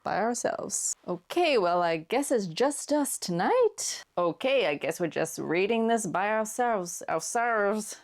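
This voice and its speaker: Nervous young viking boy with an American accent , a woman putting him on, nasal and breathy, half whispering and apprehensive; a fan musical voice. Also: mid-range voice, animated, slow, hardly any pauses.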